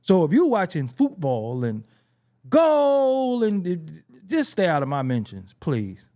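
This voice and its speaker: A young man from the United States rants to his audience in a loose, profane ramble full of restarts and chuckles. His voice sits a touch high and swings widely in pitch as he gets worked up. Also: very animated, a little slow, warm tone. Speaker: hip-hop commentary host. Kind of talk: casual rant to camera.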